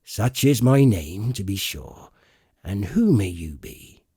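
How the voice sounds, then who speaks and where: Guy doing a gruff pirate cook, slow rolling sea talk, lively low voice, bit husky. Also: no room sound, clean studio sound, full character voice. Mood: gruff, commanding. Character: genial cunning one-legged sea cook, middle-aged man.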